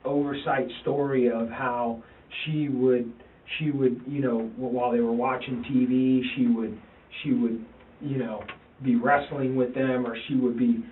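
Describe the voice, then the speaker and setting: A man's voice: mid-range voice, steady tone, slight background noise. Distressed father, stammers and repeats himself, taped in an interview room, tinny and far off. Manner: halting, repeats himself, quotes his sons. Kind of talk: police interview recording. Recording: tinny, roomy, distant interview-room recording.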